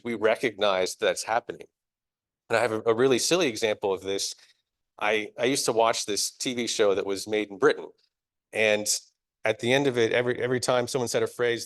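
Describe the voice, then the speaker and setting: A young man gives a live church sermon in an easygoing, conversational tone. He is self-deprecating and laughs at himself as he goes. His voice sits at an ordinary middle pitch. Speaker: preacher.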